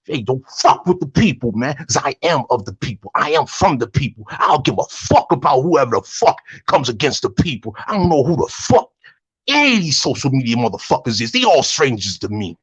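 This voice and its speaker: A man in a heated live-stream rant, swearing and repeating himself as he builds up. His voice is husky and sits a little high, swinging widely up and down. The sound is dry and close. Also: very animated, brisk, dry recording, dull audio. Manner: profane, heated, repetitive ranting. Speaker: guest on a live online panel.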